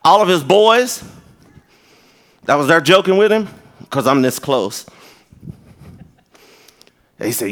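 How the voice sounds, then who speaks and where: Animated Texan preacher, lively and bright. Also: male voice, on the high side, slow pace, long pauses. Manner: animated storytelling with shouted quotes. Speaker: pastor. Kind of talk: sermon.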